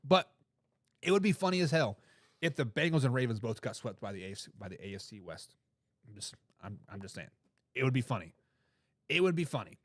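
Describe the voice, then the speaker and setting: A man's voice: mid-range voice, very animated, fairly quick, long pauses, no echo, studio quality. A man hosting a casual sports talk show, reading out viewer comments, repeating his points with emphasis and laughing between remarks.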